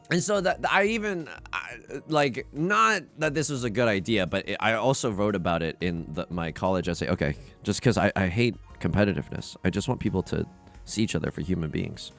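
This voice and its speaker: A young man commenting on his own online game as he plays, self-mocking and excitable, swinging from mumbled asides to loud outbursts. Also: fairly low pitch, normal speed, vocal fry, soft background music. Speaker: gaming YouTuber. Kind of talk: live commentary while playing.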